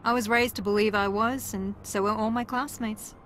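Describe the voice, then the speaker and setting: An actress voicing a wry, sarcastic female reality-TV contestant from New Zealand in a mystery video game, with a dry, teasing, deadpan delivery. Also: fairly high pitch, moderate pace, slight background noise, lightly acted.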